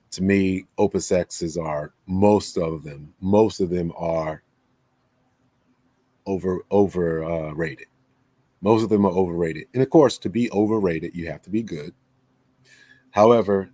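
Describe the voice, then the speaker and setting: Man, low mellow voice, loose rambling monologue host, dry close sound. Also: no echo. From United States. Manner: rambling, self-correcting, conversational. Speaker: podcast host. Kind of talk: casual monologue.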